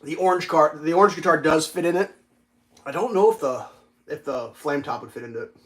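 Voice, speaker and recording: Man, livestream host, casual storytelling, profane, animated, slightly high voice. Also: a little fast. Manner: animated, swearing, acts out dialogue loudly.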